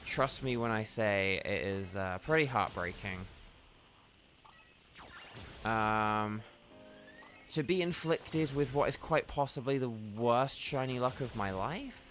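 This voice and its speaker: A man's voice: mid-range voice, slow pace, pauses often, a bit bright, soft background music. A tired man rambling chattily to his viewers as he livestreams a game, talking straight to them. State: tired, yawning. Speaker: gaming livestreamer. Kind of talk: casual livestream commentary while playing.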